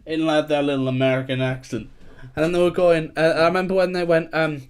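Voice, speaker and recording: A man's voice: a little high, flat delivery, fast, smooth. A young man, co-hosting a podcast and recalling gaming stories in a rambling way, full of fillers and laughter. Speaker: podcast co-host. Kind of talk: casual gaming chat.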